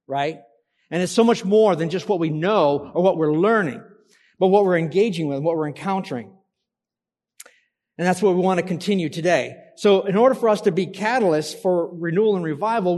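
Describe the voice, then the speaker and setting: A male pastor delivers a sermon, drawing answers from the congregation with questions. His voice sits high for a man. It rings out with the long reverb of a church hall. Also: darkish tone. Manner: interactive, asks congregation to call out answers.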